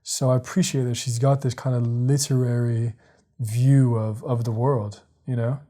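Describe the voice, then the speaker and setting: Mellow-voiced man musing out loud. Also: medium pitch, little pitch movement, normal speed. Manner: rambling, repeats words, frequent fillers. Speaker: podcast host. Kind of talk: casual monologue, reading quotes aloud.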